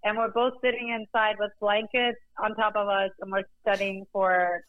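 A woman's voice: medium pitch, flat delivery, normal speed, no room sound. A woman calling in by phone, chatting cheerfully with the hosts. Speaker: caller. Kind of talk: casual phone chat. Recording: dull phone line.

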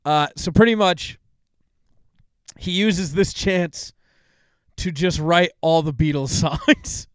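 A young man on a podcast with a smooth, fairly high voice, casually retelling movie plots between ums and curse words. The sound is dry and close. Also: slow pace, pauses often, no echo. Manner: loose and profane, retells movie plots with lots of fillers. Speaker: podcast co-host.

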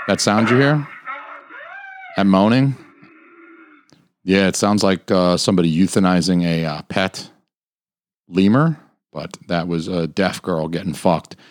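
A man's voice: low-pitched, background noise. A man hosting a podcast alone, ranting crudely and rambling from topic to topic, full of swearing, from a home studio mic. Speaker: podcast host. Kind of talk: solo podcast rant.

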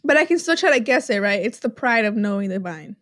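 A woman's voice: mid-range voice, animated, fast talker, fairly bright tone, no echo, clean studio sound. A young woman co-hosting a casual podcast, giggly and nervous, dropping slang as she guesses quiz answers. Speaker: podcast co-host, quiz contestant. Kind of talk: casual chat.

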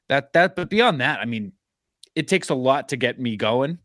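A man's voice: mid-range voice, lively intonation, normal speed, a bit bright, dry recording, clean studio sound. A man co-hosting a podcast in casual chat, laid-back and teasing, often breaking into laughter. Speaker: podcast co-host.

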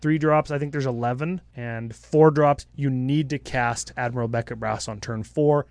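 An animated man co-hosts a casual card-game podcast, cracking quick jokes as he lays out strategy. His voice sits at an ordinary middle pitch. The sound is close and dry. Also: dry recording. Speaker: podcast co-host.

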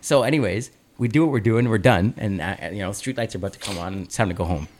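A man in his thirties, a podcast co-host, telling a childhood story in casual chat, animated and swearing freely. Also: lowish voice, quick pace, crowd noise.

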